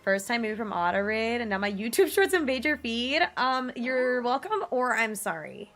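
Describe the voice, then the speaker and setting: A young woman in her twenties streaming, chatting casually with viewers in a bubbly, giggly way, her pitch jumping up often. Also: sing-song, normal speed, fairly bright tone. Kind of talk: casual livestream chat reading viewer messages. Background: faint music.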